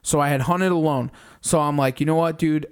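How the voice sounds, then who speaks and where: A young man on a podcast, casually recounting a hunt in animated detail, swearing often and acting out his own reactions. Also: fairly high pitch, fairly quick, clean tone. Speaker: podcast co-host. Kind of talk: casual storytelling recap.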